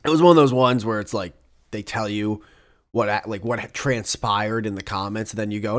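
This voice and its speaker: This young podcast host talks alone in a loose, foul-mouthed monologue that keeps wandering off on tangents. He speaks fairly quickly in a fairly low voice.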